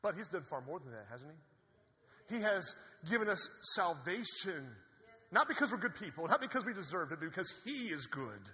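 A man preaching a sermon in an animated, conversational way, with asides to the congregation. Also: high-pitched, a little fast. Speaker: pastor. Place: church sanctuary. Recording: long hall reverb.

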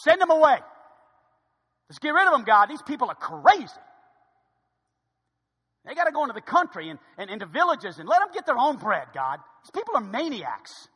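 A man's voice: very high-pitched, sing-song, moderate pace, long pauses, sharp tone, voice pushed up, heavily acted. A man voicing a panicky, grumbling male disciple who pleads with God, in an echoey church hall. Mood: frantic. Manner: frantic, complaining.

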